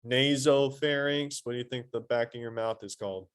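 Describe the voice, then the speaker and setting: A man teaching a high school anatomy lesson in a classroom, quizzing his students and adding playful asides. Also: moderate pace, clear, resonant tone. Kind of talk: classroom lecture.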